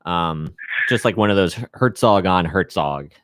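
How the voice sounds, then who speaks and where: A man's voice: low voice, lively intonation, moderate pace, fairly bright tone, no room sound, clean studio sound. A man talking casually with a friend, rambling and self-deprecating, laughing often and peppering his talk with "like". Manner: filler-heavy, many "like"s and restarts. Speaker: podcast host. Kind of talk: casual chat between friends.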